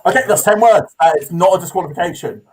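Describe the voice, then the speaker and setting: A man's voice: high voice, fast, breathy edge, low-quality recording. A man hosting an improv comedy game show, hesitant and full of filler sounds as he sets the tasks and hands out points.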